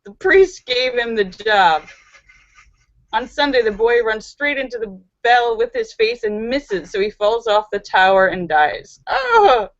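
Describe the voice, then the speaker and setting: A woman's voice: a little high, measured pace, dry recording. A woman hosting a live stream, reading out viewer jokes and laughing at the punchlines. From Los Angeles. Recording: dull, dry home recording.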